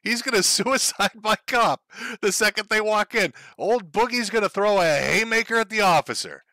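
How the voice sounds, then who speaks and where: A man's voice: high-pitched, normal speed, bright, forceful tone, no room sound. A man hosting a stream, giving mocking commentary over clips and laughing often. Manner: laughs often, sneering and gleeful. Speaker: streamer host.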